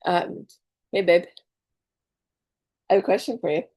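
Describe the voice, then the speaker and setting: In a casual online class, a middle-aged woman teaches spirituality in a confessional, talkative style, swearing freely and acting out her own panics. Her voice is lowish, husky and darkish, her pace measured, and the recording dry.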